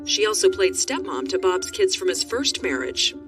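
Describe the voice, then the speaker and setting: Documentary narrator, measured even delivery, mid pitch, distant mic, soft music underneath. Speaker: TV correspondent. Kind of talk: scripted documentary narration and interviewing.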